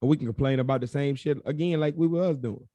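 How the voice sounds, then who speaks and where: A young man co-hosting a podcast with a dark, mellow tone and a dry, close sound. He talks bluntly and with lots of profanity, acting out little scenes as he makes his point. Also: mid-range voice, fast, no echo. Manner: blunt, profane, animated storytelling. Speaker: podcast co-host. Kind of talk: casual chat.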